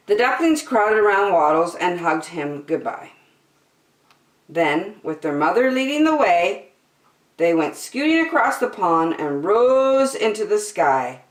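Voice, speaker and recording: A woman reading a children's picture book aloud with slow, expressive delivery. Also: medium pitch. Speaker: children's storyteller. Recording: roomy, from a distance.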